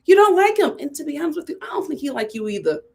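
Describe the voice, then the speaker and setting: Talking fast in a high, sing-song voice, a young reality TV reviewer gives a sassy, laid-back rundown of an episode. She often speaks straight to the cast as if they could hear her.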